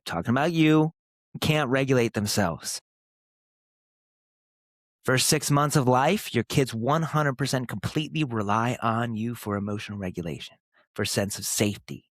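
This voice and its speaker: A man in his thirties hosting a podcast, speaking earnestly and emphatically in short, punchy phrases with pauses. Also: mid-range voice, no echo, studio quality. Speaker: podcast host. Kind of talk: motivational podcast monologue.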